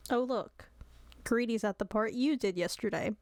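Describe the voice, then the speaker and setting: A woman's voice: on the high side, moderate pace, a little mellow, dry recording. Giggly woman streamer, dry sound. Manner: giggly, apologetic, chatty. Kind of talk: casual chat with viewers.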